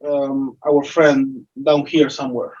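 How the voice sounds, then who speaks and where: A man's voice: medium pitch, little pitch movement, slow pace, darkish tone. A man playing a tabletop game, asking eager questions in a casual way. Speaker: player. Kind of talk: in-character tabletop play. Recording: dull lo-fi recording.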